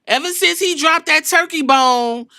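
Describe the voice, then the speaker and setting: A woman's voice: high-pitched, a little slow, pushed and bright, dry recording, studio quality. A woman hosting a podcast, recapping wrestling in a sassy, profane storytelling way and acting out what the wrestlers said. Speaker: podcast host.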